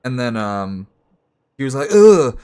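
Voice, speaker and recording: A young man on a stream tells a story in casual, rambling fashion, restarting often and sometimes acting out other people in raised voices. His voice sits fairly low and moves briskly.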